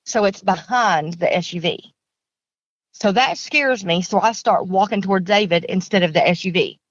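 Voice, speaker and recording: A woman's voice: mid-range voice, moderate pace, no room sound, highs cut off. A woman with a Kentucky accent, a podcast caller telling her story in an earnest, rambling way that repeats itself. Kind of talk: casual storytelling.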